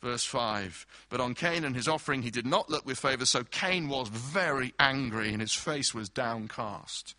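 A man's voice: mid-range voice, lively intonation, normal speed, bright, forceful tone, no room sound. A man preaching a sermon, explaining scripture through everyday illustrations and acted-out quotes.

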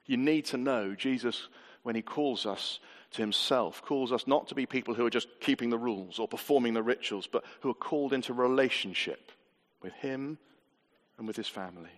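Speaking at a normal speed in a mid-range voice, a pastor delivers an earnest, conversational sermon in a church hall. He frequently asks the congregation rhetorical questions, and the recording carries a long hall reverb.

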